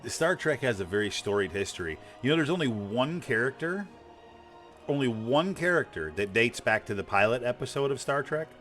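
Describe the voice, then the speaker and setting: A man's voice: medium pitch, lively intonation, moderate pace, fairly bright tone, faint music behind. A man in his forties streaming a game, talking bluntly and profanely in a rambling casual chat. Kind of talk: casual chat while gaming.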